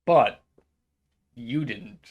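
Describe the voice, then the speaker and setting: A man co-hosting a casual comedy podcast, animated and swearing a lot, acting out little skits with quoted voices. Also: medium pitch, extremely slow, narrow, tinny audio, slight background noise. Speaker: podcast co-host.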